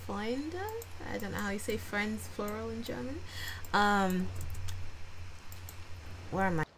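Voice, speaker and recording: A woman's voice: mid-range voice, steady tone, a little slow, a bit bright. A woman chatting casually on a live stream from a cluttered table at home. She is scattered and talks to herself as she fiddles with her devices. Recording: stream audio with clear background noise.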